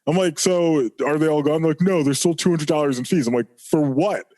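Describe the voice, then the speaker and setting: A man's voice: on the high side, brisk, mellow. Ranting New man, podcast co-host. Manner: heated ranting, swearing freely. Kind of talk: casual podcast chat.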